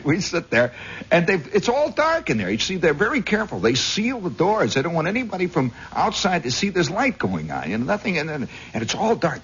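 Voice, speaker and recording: A man from Indiana telling a rambling story as a radio host, on a dull 1960s radio recording. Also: medium pitch. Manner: rambling, animated, husky raconteur. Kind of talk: storytelling monologue.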